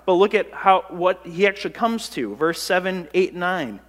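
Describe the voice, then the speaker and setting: A man with a high voice preaching a sermon. He talks earnestly, stacking emphatic repeated lists and restarting phrases as he goes. A long hall reverb trails his words. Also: animated, fairly quick, few pauses, fairly bright tone. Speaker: pastor.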